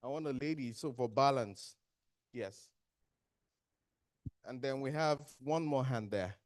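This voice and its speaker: A mid-range voice at a measured pace, recorded dry. A trainer with a Nigerian English accent leads an interactive workshop in a training hall before an audience, animatedly quizzing the room and answering his own questions.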